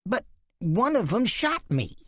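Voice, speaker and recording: A man voicing an eager, excitable short male saddle maker who stammers. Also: high voice, takes it slowly, no room sound, clean studio sound, pitched above the performer's own voice, exaggerated voice.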